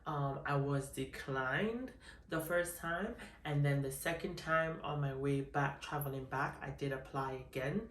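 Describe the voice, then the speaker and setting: A woman's voice: very deep voice, a little slow. Sassy woman vlogger, roomy distant sound. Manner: sassy and flamboyant, calls viewers honey. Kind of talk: casual unboxing chat.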